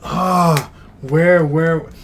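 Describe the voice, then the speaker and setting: A man's voice: fairly high pitch, steady tone, extremely slow. New man thinking aloud. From New York. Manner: thinks aloud, hedging, many fillers. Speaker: music reaction host. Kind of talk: casual reaction commentary.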